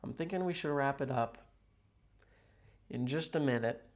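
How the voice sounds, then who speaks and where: A man chatting casually with viewers on a livestream from a hotel room, rambling, playful and sarcastic, jumping between loud outbursts and mutters. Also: medium pitch, moderate pace. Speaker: livestream host.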